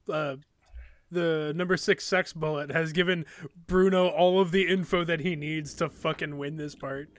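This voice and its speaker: A man's voice: on the high side, steady tone, moderate pace, no room sound. A man co-hosting a casual podcast, blunt and terse, swearing often. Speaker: podcast co-host. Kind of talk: casual chat.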